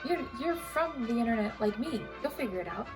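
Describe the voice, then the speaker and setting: A woman's voice: fairly high pitch, lively intonation, a little fast, soft background music, low-quality recording. A young woman hosting a casual stream, chatting in a playful, self-deprecating way. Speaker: singer and live-stream host.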